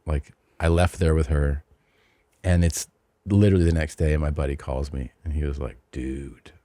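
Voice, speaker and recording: A man's voice: extremely low pitch, fairly even intonation, fairly quick, mellow, no room sound. A middle-aged man hosting a podcast, telling a long rambling anecdote in casual chat, often restarting and adding asides. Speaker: podcast host.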